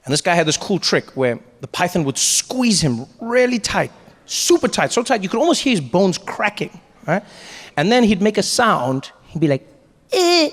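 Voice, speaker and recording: A man doing stand-up storytelling, animated, often breaking off and restarting. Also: normal speed, in a large hall. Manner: animated, many self-interruptions, jumps into high voices. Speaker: stand-up comedian.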